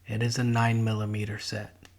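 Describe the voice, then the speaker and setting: Just a guy in his 40s-50s walking through a car job, low voice, matter-of-fact, no fuss. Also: completely flat delivery, moderate pace, a little mellow. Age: middle-aged. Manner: plain, matter-of-fact step-by-step explaining. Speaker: DIY car channel host. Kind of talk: voice-over narration of a DIY car project.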